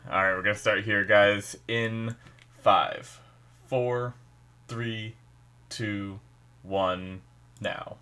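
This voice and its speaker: A man's voice: fairly low pitch, steady tone, extremely slow, pauses often, sharp tone, clean tone. Stuffy-nosed man chatting over an episode. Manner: chatty, thinking aloud while watching. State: slightly stuffy nose. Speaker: reaction video host. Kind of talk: casual reaction commentary.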